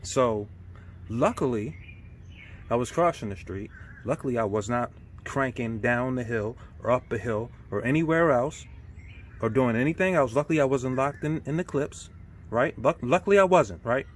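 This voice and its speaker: A man's voice: medium pitch, animated, moderate pace, a little hiss or hum. A middle-aged man in an irate, casual rant, repeating himself, swearing and often asking "right?". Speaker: vlogger. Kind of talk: casual ranting monologue.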